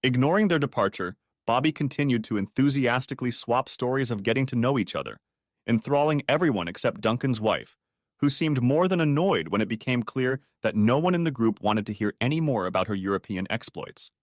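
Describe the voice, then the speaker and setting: A man narrating a story audiobook in a steady, even storytelling manner. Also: mid-range voice, fairly quick, no room sound, clean studio sound.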